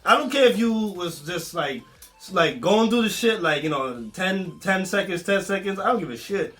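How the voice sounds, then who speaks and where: A man talking casually with his partner for a relationship chat video, slangy and loose with curses. His voice is bright and bouncy, riding high in his range, with faint music behind him. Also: fast. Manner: loose slangy swearing, animated. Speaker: vlog co-host, boyfriend.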